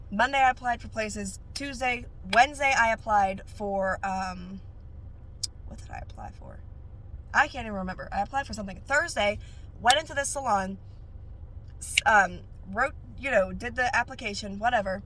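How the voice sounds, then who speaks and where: A woman who works as a nail technician, sharing her faith testimony in a casual, animated way that jumps up high whenever she gets excited. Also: slight background noise.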